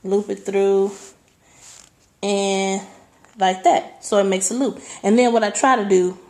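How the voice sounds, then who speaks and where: A woman's voice: medium pitch, level tone, measured pace, darkish tone. Chatty woman stylist in a roomy salon. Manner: chatty, explains step by step. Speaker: hairstylist, host. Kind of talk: casual hair tutorial. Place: hair salon indoors. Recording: roomy room echo.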